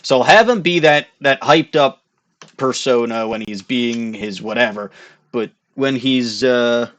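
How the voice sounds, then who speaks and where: A man's voice: medium pitch, measured pace, fairly bright tone. Man casually swearing through game commentary. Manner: casual, profane, wry asides. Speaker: let's play host.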